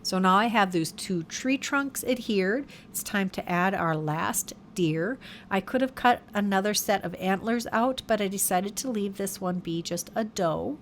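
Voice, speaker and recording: A woman talks through a craft project step by step in a relaxed, chatty voice over the footage, stopping to correct her own words. Her pitch sits in the middle, and faint noise hums behind her. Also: a little slow. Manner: chatty, self-correcting, fond of her materials. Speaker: card-making tutorial host. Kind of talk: casual step-by-step craft narration.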